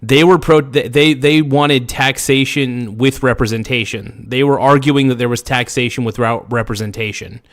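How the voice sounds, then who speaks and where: A man's voice: medium pitch, fairly even intonation, normal speed, few pauses. A man hosting a show, reacting angrily to footage in a heated political rant that keeps repeating itself. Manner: angry, ranting, repeats himself.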